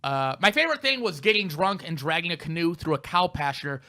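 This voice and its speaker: Bright-voiced man telling candid stories. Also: on the high side, animated, fairly quick. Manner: candid, self-deprecating storytelling. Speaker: comedian co-host. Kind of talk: casual podcast chat.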